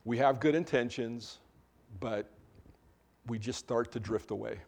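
Male pastor, mid-pitched, chatty sermon delivery, restarts mid-sentence, easy humor. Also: measured pace, creaky, a little mellow. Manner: informal, self-correcting, joking asides. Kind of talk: conversational sermon.

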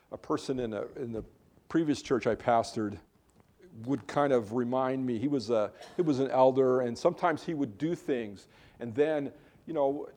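Pastor, man, relaxed mellow voice, chatty sermon delivery with frequent restarts. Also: medium pitch. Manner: conversational, with self-interrupting restarts. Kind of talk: casual sermon, Bible teaching.

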